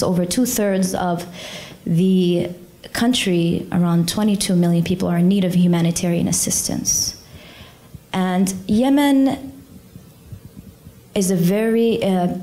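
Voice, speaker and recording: A young woman speaking to a community audience as a charity chairperson, earnest and conversational, with many fillers and lively retold dialogue. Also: mid-range voice. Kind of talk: personal storytelling talk to a community audience.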